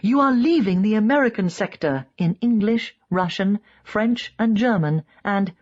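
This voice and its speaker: A woman's voice: lively intonation, a little slow, darkish tone, dull audio. A woman narrating an audiobook in first person, lifting her voice for quoted speakers. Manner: reads in first person, voicing quoted speakers with raised pitch. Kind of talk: scripted narration.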